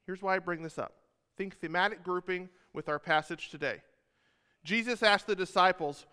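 Guy preaching, bright and tense sounding, chatty jokey asides, big echoey church. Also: high-pitched, lively intonation, normal speed. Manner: casual, joking asides to the congregation. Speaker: pastor. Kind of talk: sermon with scripture retelling.

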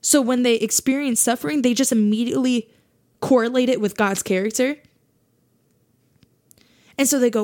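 A woman's voice: a little high, moderate pace, pauses often, a little mellow. A woman hosting a faith podcast, talking earnestly in a monologue and repeating her points for emphasis. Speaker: podcast host.

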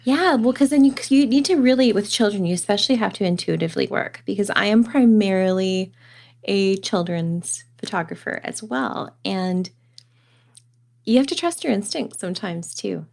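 Brief: woman host, gravelly fry in her voice, mid pitch, affirming interviewer. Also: moderate pace, a little mellow. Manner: affirming, frequent backchannel. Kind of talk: conversational interview.

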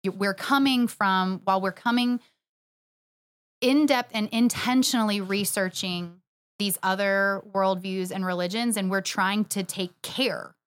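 A chatty woman co-hosting a church podcast in a relaxed, conversational way. She laughs easily and backs up her partner with emphatic agreement, heard close and dry with no room sound. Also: mid-range voice, a little slow, no echo. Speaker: podcast co-host, church next steps director. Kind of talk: casual chat.

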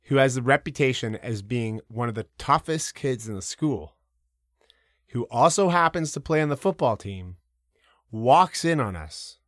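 A man telling personal stories as a guest in a casual interview. He talks in an animated way, with a lot of fillers and some casual swearing. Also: mid-range voice, measured pace, no echo, clean studio sound. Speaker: podcast guest. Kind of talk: casual storytelling.

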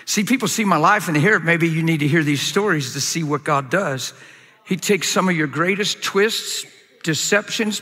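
A male pastor preaching a sermon to a live audience in a large hall. He tells his story with animated swings from loud shouts to quiet low asides. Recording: long echoing hall reverb.

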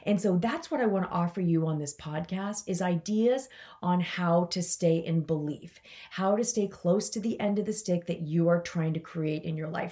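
Casual, upbeat woman podcast host. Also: a little mellow. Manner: casual and enthusiastic, acting out quotes with jumps in pitch. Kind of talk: motivational podcast monologue.

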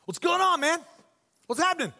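A nosy, friendly man , put on by a preacher, pries with rapid casual questions in a high voice. There is a long hall reverb behind him. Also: very animated, gravelly, bright, forceful tone, exaggerated voice. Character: nosy friendly man prying into your business.

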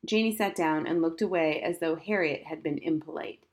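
A woman narrating a children's novel as an audiobook in a steady, expressive reading voice. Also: sits low, normal speed. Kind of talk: scripted narration.

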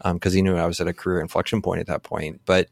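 A man in his late forties from San Antonio, Texas, talks casually as a guest, rambling with plenty of fillers and restarts. His deep, gravelly voice barely moves in pitch and comes out rapid-fire, in a studio-quality recording with no echo.

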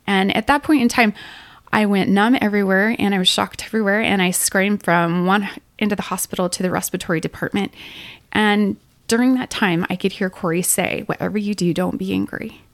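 A woman's voice: medium pitch, steady tone, a little fast, dry recording. Middle-aged woman recounting a painful story. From Utah. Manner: earnest, emotional retelling with quoted dialogue. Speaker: podcast co-host and medium. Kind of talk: personal storytelling in a podcast interview.

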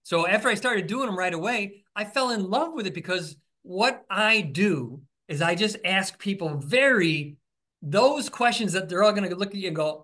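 A man's voice: high voice, animated, normal speed, pushed and bright. A man, an author being interviewed, talking enthusiastically and telling stories, often restarting his sentences. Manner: enthusiastic, storytelling, frequent restarts. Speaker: author and podcast host, interview guest. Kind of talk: conversational interview.

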